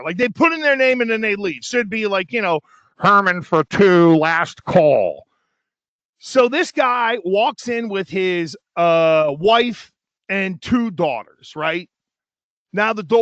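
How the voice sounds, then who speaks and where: A man's voice: sits high, fairly bright tone, dry recording, highs cut off. A man co-hosting a sports talk show, telling a profane, worked-up story and acting out what people said. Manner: profane, worked-up anecdote with acted-out quotes. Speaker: radio show host. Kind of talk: animated storytelling, casual chat.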